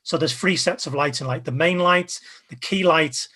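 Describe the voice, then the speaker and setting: A man being interviewed as a guest, giving casual advice with an energetic, emphatic coaching tone. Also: fairly high pitch, normal speed, slightly rough. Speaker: guest, video creator.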